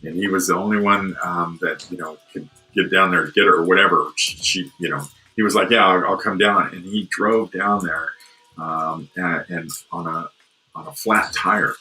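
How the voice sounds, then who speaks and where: Low-voiced guy hosting a podcast, lots of ums and restarts, bright edgy tone. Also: steady tone, normal speed, faint music behind, rough recording. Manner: hesitant, many fillers and restarts. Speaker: podcast host. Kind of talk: casual interview chat.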